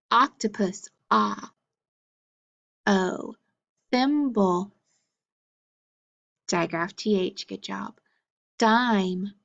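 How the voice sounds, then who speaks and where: Slow, encouraging woman teacher, lo-fi. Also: mid-range voice, gravelly. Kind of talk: early-grade phonics lesson.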